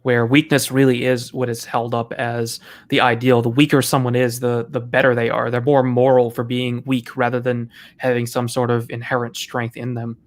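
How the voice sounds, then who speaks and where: A man speaking as a guest in a casual panel discussion, with a steady, even delivery. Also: mid-range voice, moderate pace, few pauses.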